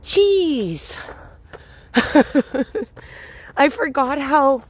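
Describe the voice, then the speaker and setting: A woman hosts a livestreamed night walk through a city park, phone in hand, chatting casually and answering viewers by name. Her voice sits high and sounds animated, though she speaks extremely slowly, and there's no echo.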